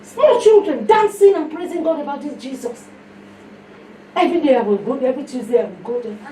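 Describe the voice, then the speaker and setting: A woman with a Nigerian accent giving a sermon mixed with her own testimony, telling stories in an animated way. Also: sits high, brisk. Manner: storytelling, animated, breaks into song. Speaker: fellowship speaker. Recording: echoey room, mic heard from a distance, faint noise.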